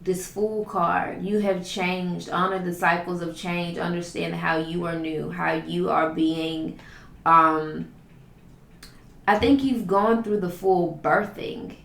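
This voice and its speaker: A woman's voice: fairly low pitch, steady tone, slow pace, vocal fry, fairly bright tone, echoey room. A woman giving a spiritual tarot reading in a flowing, repetitive, affirming way, stacking up lists of phrases. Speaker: tarot reader.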